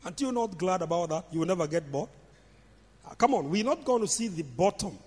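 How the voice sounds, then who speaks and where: A man's voice: sits high, expressive, fairly quick, darkish tone, slightly rough. Emphatic male preacher in a reverberant hall. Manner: emphatic, repeats phrases for stress. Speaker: pastor. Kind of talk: sermon.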